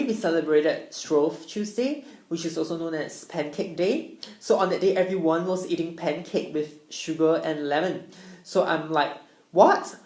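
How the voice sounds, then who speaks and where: A woman's voice: low-pitched, darkish tone. A young woman, an international student, giving an upbeat explanatory presentation. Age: young adult. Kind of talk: presentation talk. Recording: echoey room.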